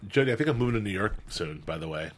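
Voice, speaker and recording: A man from Los Angeles co-hosting a casual chat about a TV show, telling stories in a rambling, animated way with lots of restarts. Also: fairly low pitch, rapid-fire. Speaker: co-host.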